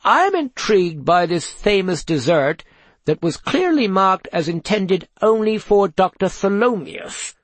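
A gushing, theatrical questioner from a storybook, high and sing-song, relishing every probing question, as a man puts the voice on. Husky at the edges, recorded close and dry. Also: big pitch swings, a little slow, no room sound, exaggerated voice. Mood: effusive, probing. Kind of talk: storybook reading.

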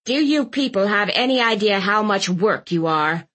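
A woman's voice: medium pitch, expressive, moderate pace, fairly bright tone. A woman voicing a bossy, blunt elderly aunt who barks her words with scorn. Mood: scornful. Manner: barking, scornful.

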